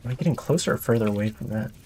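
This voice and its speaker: A man's voice: mid-range voice, expressive, racing, dark tone. A man streaming a survival game, rambling to himself and his chat as he explores. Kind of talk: casual gameplay commentary.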